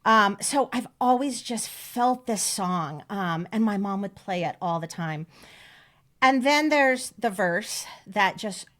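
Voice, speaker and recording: A woman's voice: medium pitch, animated, slow pace, fairly bright tone. A woman co-hosting a podcast, telling personal stories in a chatty, emotional way. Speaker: podcast co-host. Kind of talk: casual chat.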